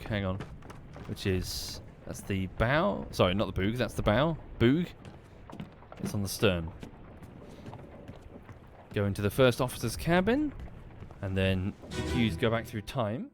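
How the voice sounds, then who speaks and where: Lively man musing through a mystery game. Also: lowish voice, background noise. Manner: musing aloud, talking to characters. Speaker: streamer. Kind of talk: live game commentary.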